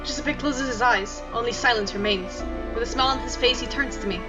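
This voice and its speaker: Brief: woman game-channel host, high voice, emotional reading, lo-fi sound. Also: brisk, hardly any pauses, over music. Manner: emotional, dramatic reactions. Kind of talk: reading a story game aloud with reactions.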